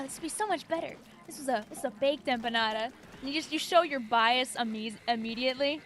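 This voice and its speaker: A high, bright-pitched woman with a Long Island accent chats loosely on a gaming livestream. She rambles from one thought to the next and answers viewers' messages as they come in, in an easy, talkative way. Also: a little hiss or hum. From New York, USA. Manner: chatty and rambling, answers chat messages aloud. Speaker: streamer. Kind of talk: casual livestream chat while gaming.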